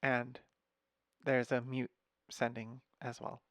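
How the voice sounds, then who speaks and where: A young man casually walking through his music software patch, thinking aloud with fillers and wry asides, recorded at his computer. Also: mid-range voice, monotone, takes it slowly, no room sound, studio quality. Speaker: music software tutorial host. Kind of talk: casual screen-share walkthrough.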